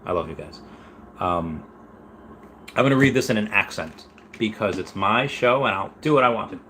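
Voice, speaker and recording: A man's voice: fairly low pitch, lively intonation, normal speed, sharp tone, slight background noise. A man in his thirties hosting a casual live stream, chatty, reading viewer messages aloud and rambling from topic to topic. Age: 30s.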